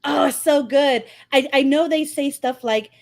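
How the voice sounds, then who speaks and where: A woman's voice: high-pitched, a little slow, creaky, a little mellow. Chatty New York woman hosting a podcast. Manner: chatty, laughs often. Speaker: podcast host. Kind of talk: casual podcast chat.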